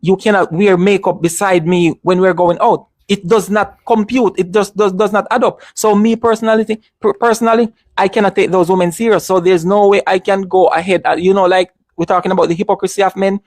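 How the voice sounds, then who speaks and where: A man's voice: high voice, steady tone, fast talker, hardly any pauses, no room sound. A man in casual discussion, speaking emphatically, repeating his points and restarting often.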